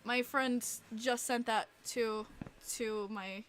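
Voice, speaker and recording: A woman's voice: fairly high pitch, fairly even intonation, slow, fairly bright tone. A woman hosting a casual livestream podcast, talking emotionally and rambling with many fillers and restarts. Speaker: podcast host and streamer.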